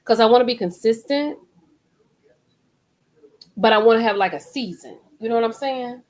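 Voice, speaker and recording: A woman's voice: a little high, normal speed, darkish tone, poor audio. A middle-aged woman hosting a live stream, rambling in casual chat and repeating herself as she talks straight to her viewers.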